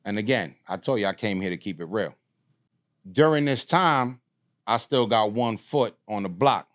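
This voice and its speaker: On a laid-back podcast, a middle-aged guest with a lowish voice spins a yarn at normal speed. He's animated and streetwise, and he curses freely as he goes.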